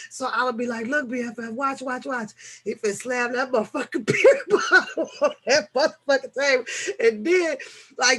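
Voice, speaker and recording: Lady chatting late at night, cussing and cracking up, kinda high voice. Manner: profane, animated storytelling with laughter. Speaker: reaction channel host. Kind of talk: late-night casual chat.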